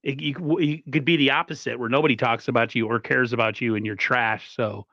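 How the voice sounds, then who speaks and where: A man's voice: mid-range voice, steady tone, brisk, sharp tone, no room sound. Casual sports host, male, eager fan energy, lo-fi dull dry mic. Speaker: podcast host.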